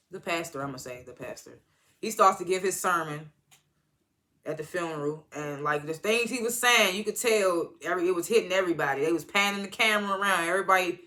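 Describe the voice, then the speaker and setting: This TV reviewer has a high, sharp-toned male voice. He rambles through an episode recap in loose, slangy language, performing the characters' lines as he goes.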